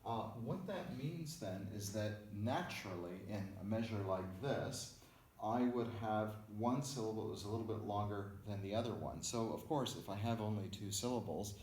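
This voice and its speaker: A man's voice: fairly low pitch, moderate pace, darkish tone. A man teaching music theory in a recorded lecture, explaining methodically step by step as he writes out notation. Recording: echoey room with faint background noise.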